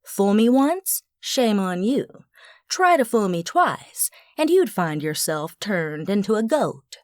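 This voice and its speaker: A woman narrating a first-person audiobook with an expressive, wry storytelling manner. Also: medium pitch, slow, dry recording, studio quality.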